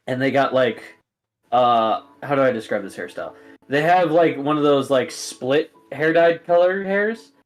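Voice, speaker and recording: A man of middle pitch narrates a tabletop game as game master. He rambles and pads his lines with fillers while he describes scenes.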